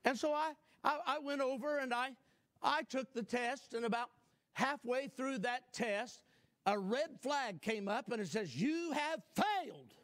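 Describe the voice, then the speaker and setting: An older man preaching a sermon, telling a folksy personal story and rising to shouted emphasis. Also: very high voice, a little slow.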